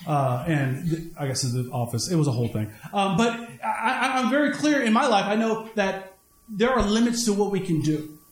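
A man preaching a sermon, mixing personal stories with scripture, swinging between high emphatic lines and low asides. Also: expressive, fairly quick, roomy sound, soft background music. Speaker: pastor.

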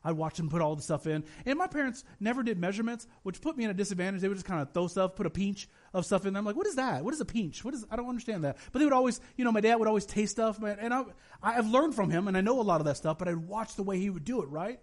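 A male pastor delivering a sermon with a notably high-pitched voice. He tells lively personal stories and slips into the voices of the people he quotes. His delivery is animated and conversational. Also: rapid-fire. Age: adult, has children.

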